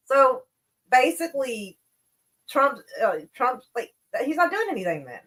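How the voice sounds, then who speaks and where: A woman's voice: a little high, very animated, a little slow, pushed and bright. A woman doing casual live-stream news commentary, reading articles aloud and reacting with profane sarcasm and frequent laughs while rolling cigarettes. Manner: rolls and smokes cigarettes while talking.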